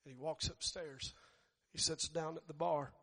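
High, bright-voiced fervent preacher. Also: male voice, steady tone, normal speed, slightly rough, big-room sound. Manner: builds to shouting fervor. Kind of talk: storytelling sermon.

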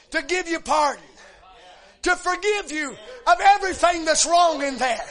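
Very high-pitched, this male preacher alternates easygoing stories with long, shouted calls to the faithful. Amens come up often throughout his sermon.

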